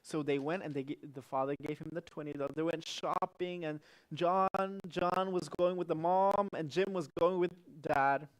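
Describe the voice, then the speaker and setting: Male pastor, higher voice, lively sermon storyteller. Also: moderate pace. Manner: animated, swings between loud and hushed.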